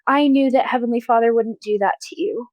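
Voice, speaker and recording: A young woman telling a painful personal story as a podcast guest, halting and soft, with pauses and fillers. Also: fairly high pitch, no echo, highs cut off.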